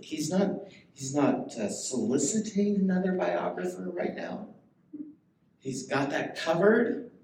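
Male pastor, conversational sermon, animated pitch, faint room ambience behind. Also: echoey room, slight background noise, rough recording. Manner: conversational, asks the congregation questions. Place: church sanctuary.

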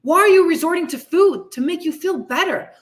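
A woman's voice: very high voice, expressive, fairly quick. A woman fitness coach hosting her podcast, giving a blunt, frustrated, swearing tough-love pep talk. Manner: frustrated, venting. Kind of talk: candid motivational monologue.

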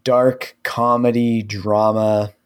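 A man's voice: fairly low pitch, little pitch movement, takes it slowly, clean tone. Rambling male podcast co-host. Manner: rambling, filler-heavy recommending. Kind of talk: casual podcast chat. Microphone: studio microphone.

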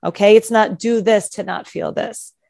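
Female coach, mid-pitched, explains patiently, dry close recording. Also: fairly even intonation, normal speed, creaky, mellow, no echo. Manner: explanatory, mimics anxious self-talk. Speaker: anxiety coach. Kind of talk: podcast conversation.

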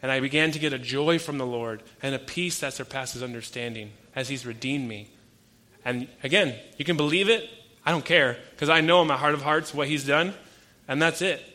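A man's voice: mid-range voice, normal speed, bright, forceful tone. A young adult male pastor giving a conversational sermon, telling stories and acting out quoted exchanges with energy.

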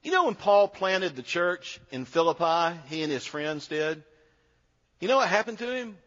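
A man's voice: sits high, sing-song, moderate pace, a bit bright. A middle-aged man preaching a sermon, emphatic, repeating key phrases, with dry humor. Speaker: pastor. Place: church sanctuary. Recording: dull sound with long church reverb.

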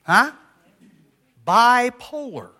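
High-voiced older man preaching. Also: extremely slow. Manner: lively, conversational preaching with audience call-outs. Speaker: pastor. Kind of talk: sermon.

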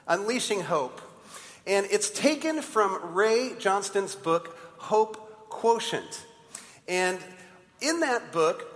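A man's voice: high-pitched, fairly bright tone. A man preaching as pastor in a conversational way, asking the congregation questions. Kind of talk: sermon. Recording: long church hall reverb.

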